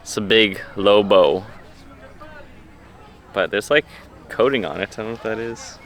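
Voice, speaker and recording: A man talking casually to the camera as a fitness vlogger, explaining in a relaxed way with lots of fillers, outdoors at a farm orchard. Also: lowish voice, unhurried, some chatter behind. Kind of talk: casual vlog talk to camera.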